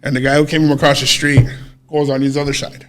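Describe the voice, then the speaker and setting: A podcast co-host with a medium-pitched voice tells a long personal story at a quick pace. He's casual and animated, swearing freely and acting out what people said.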